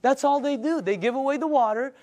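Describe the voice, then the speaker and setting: A man giving an emphatic, energetic sales pitch to a live audience in a meeting room, chuckling between points. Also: a little fast. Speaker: sales presenter.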